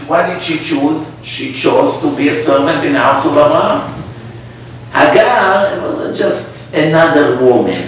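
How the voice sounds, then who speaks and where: Man preaching in an echoey room. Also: on the high side. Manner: animated, asks the audience questions. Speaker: rabbi teaching a class. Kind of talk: storytelling sermon. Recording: echoey room, distant mic, faint noise.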